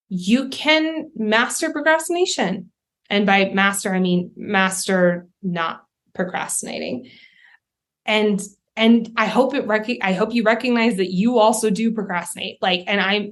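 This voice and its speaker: A woman's voice: medium pitch, fairly bright tone. A young adult woman hosting her own podcast, talking casually and candidly, often acting out her own thoughts as quoted asides. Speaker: podcast host, life coach. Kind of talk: casual solo podcast talk.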